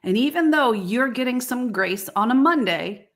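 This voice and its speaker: Folksy, animated woman motivational host. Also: on the high side, normal speed. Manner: folksy, animated, acts out little voices. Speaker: podcast host and business coach. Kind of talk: motivational podcast talk.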